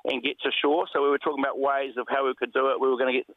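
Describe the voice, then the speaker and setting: A man being interviewed as a shipwreck survivor, retelling his rescue in a rambling, animated way, full of restarts. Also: mid-range voice, rapid-fire, no room sound. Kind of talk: phone interview storytelling. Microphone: telephone. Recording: tinny phone line.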